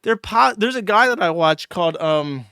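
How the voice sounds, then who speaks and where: A man's voice: high-pitched, animated, moderate pace, pushed and bright, clean tone, no room sound, clean studio sound. A man hosting a livestream, ranting angrily and profanely, with mocking asides. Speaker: streamer host. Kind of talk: angry livestream rant.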